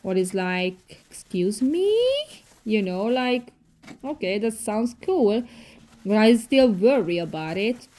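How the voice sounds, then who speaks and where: A woman in her thirties with a foreign accent, narrating her cleaning vlog in a casual voice-over with halting, non-native phrasing and many fillers. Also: mid-range voice, warm tone. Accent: foreign accent in English. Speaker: cleaning vlogger.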